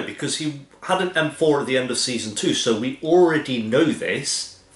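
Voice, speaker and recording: A man hosting a TV reaction video, making sarcastic, quick asides while he watches. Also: mid-range voice, fairly bright tone. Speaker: TV reaction host. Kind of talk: casual reaction commentary. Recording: roomy echo.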